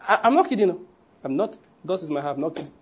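Nigerian male pastor, husky and slightly high, chatty joking sermon delivery. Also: sing-song, very fast. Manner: joking, conversational preaching with pidgin asides.

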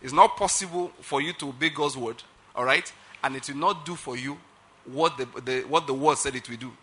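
Pastor guy preaching, super bright voice, hammers every point, keeps asking do you get it. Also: medium pitch, fairly quick, slightly rough. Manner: emphatic, keeps asking if listeners follow. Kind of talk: sermon.

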